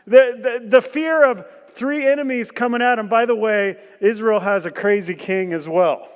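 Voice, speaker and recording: A man preaching a sermon, animated and joking, asking the room questions and bursting into loud emphasis. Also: high voice, moderate pace, smooth. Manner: animated storytelling with jokes and rhetorical questions. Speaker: guest preacher. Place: church hall. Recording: long church hall reverb.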